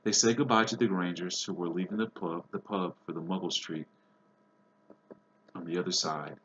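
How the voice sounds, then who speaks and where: A man reads a novel aloud in a plain, patient way, pausing to explain harder words. His voice is very low. The recording is dull and lo-fi with steady hiss behind it. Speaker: reader.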